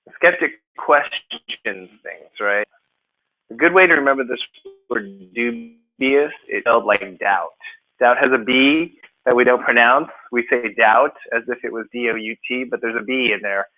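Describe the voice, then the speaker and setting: Brief: male test-prep tutor, lively, quizzes students, mid-pitched voice, phone-like sound. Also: unhurried. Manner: animated, questions students, acts out examples. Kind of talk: classroom teaching. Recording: phone-like narrow audio.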